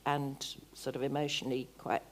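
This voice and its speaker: A woman's voice: extremely low pitch, moderate pace, a little hiss or hum. An older woman, an actor and author, speaking at a book festival and acting out her own past thoughts with energy. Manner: lively, acts out remembered thoughts. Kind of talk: live onstage conversation. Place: book festival event stage.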